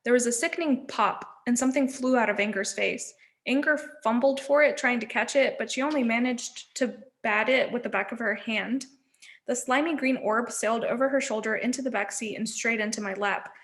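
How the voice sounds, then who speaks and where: A woman teacher reading a novel aloud to learners, expressive and giving each character a voice. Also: on the high side, brisk. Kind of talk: storybook read-aloud.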